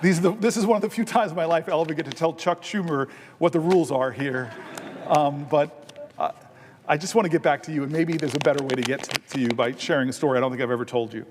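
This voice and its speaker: A senator holding the floor gives an extemporaneous speech in a large legislative chamber, telling a personal story with self-deprecating humor. His voice is fairly high-pitched and his pace is quick. Background noise and long chamber reverb are audible.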